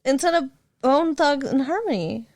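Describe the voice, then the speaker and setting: A woman's voice: sits high, animated, moderate pace, no room sound. A woman co-hosting a podcast in casual comedic chat, sarcastic and playful, often breaking into giggles. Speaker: podcast co-host.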